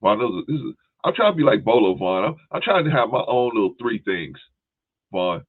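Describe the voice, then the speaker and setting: A man's voice: on the low side, big pitch swings, fairly quick. A male podcast host chatting casually, with a laid-back, rambling manner and frequent "right?" and "y'all". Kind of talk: casual chat. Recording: tinny phone-like line.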